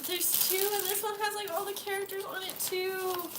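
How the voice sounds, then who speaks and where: A woman's voice: very high-pitched, level tone, moderate pace, roomy sound. A young woman live-streaming a casual unboxing from home, gasping and gushing with delight as she talks to her viewers. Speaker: livestreamer. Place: home at night. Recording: noisy home stream audio.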